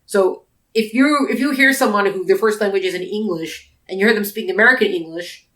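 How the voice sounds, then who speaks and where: A woman co-hosting a casual book podcast chats about books in long, rambling stretches full of restarts. Her voice is mid-range, brisk and a bit bright, and the room has an echo.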